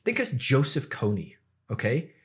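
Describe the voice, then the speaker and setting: Man, podcast guest, mid pitch, animated explainer who slips into quoted voices, many fillers. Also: moderate pace. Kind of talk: casual explanatory chat.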